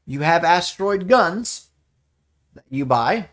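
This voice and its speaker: A man talks through how a game works in a loose, rambling way, often stopping to correct himself. His voice sits a little high, and his tone stays playful. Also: lively intonation, takes it slowly, a bit bright. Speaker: player giving a game overview. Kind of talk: casual explanatory chat.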